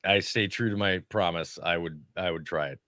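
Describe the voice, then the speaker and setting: A man's voice: low voice, normal speed, pushed and bright, no room sound, studio quality. A man co-hosting a casual show, teasing his friend in a mischievous way. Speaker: podcast co-host. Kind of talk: casual banter.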